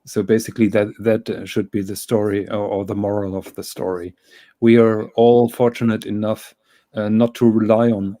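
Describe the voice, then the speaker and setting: A man's voice: on the low side, warm tone. A man in a casual chat who speaks hesitantly, often repeating words.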